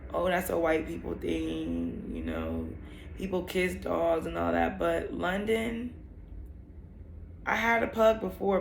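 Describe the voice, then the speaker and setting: A woman's voice: fairly low pitch, vocal fry, roomy sound, slight background noise. A young woman telling a personal story in a vlog, candid and emotional, rambling with many fillers. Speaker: vlogger.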